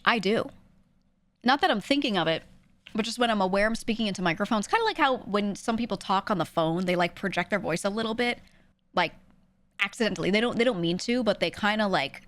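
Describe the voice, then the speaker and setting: A woman streamer chatting casually with her viewers, talking quickly and lightly projecting her voice for the mic. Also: medium pitch, lively intonation, fairly bright tone. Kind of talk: casual chat answering a livestream chat.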